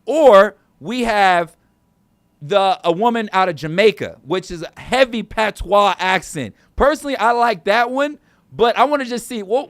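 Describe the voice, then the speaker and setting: Male streamer host, high-pitched, loose and chatty, dry studio sound. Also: fairly bright tone, no room sound. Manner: rambling, talks straight to chat viewers. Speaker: show host. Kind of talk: casual livestream chat. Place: small studio.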